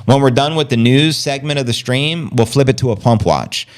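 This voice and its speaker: A man's voice: medium pitch, normal speed. A man hosting a casual livestream, reading out news and chat comments in a hyped, loose, chatty way. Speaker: crypto livestream host.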